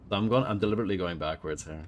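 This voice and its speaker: Male streamer, very low pitch, loose self-mocking chatter, faint hiss behind. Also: very fast. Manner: rambling, self-deprecating, chats with viewers. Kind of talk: casual live gameplay chat.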